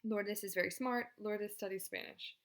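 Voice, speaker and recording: Woman teacher recording a lesson video, relaxed and chatty, encouraging tone. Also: medium pitch, moderate pace. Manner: casual, chatty and encouraging, with fillers. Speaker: Spanish teacher.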